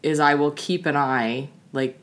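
Low-voiced giggly woman co-host. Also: measured pace. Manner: giggly, playful. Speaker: podcast co-host. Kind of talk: casual chat.

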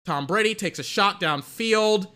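A man giving live fan commentary on a game, excitable and exasperated, swearing and saying "like" often as he rants at the officials. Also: high-pitched, unhurried, smooth. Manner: excitable, exasperated, profane rant with filler "like".

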